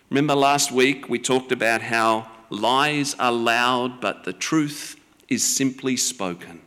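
A man preaching a sermon as the pastor, slow and deliberate, with measured pauses between phrases. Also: mid-range voice, sharp tone, clean tone, in a large hall.

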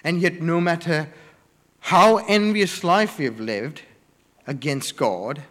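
A man preaching a sermon, slow and deliberate, stressing words one by one in emphatic lists. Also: on the high side, fairly bright tone, in a large hall.

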